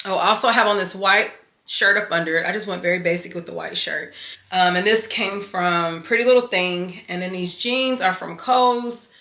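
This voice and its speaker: A woman's voice: on the low side, moderate pace, sharp tone, reverberant. A woman vlogger chatting casually and animatedly straight to her viewers from her home office. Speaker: fashion and lifestyle vlogger. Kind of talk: casual chat to camera.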